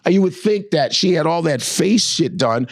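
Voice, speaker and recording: A man guest comedian riffing on a podcast, animated and profane. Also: fairly high pitch, normal speed.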